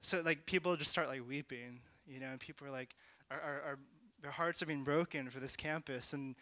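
A young man sharing a testimony in a casual, rambling way, full of "like" and "you know", at times rising to shouting. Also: medium pitch, brisk, dry recording. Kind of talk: testimony talk.

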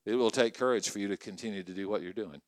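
A middle-aged man preaching a sermon to college ministry leaders, conversational and energetic, often asking the crowd questions. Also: fairly low pitch, quick pace, no echo. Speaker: pastor.

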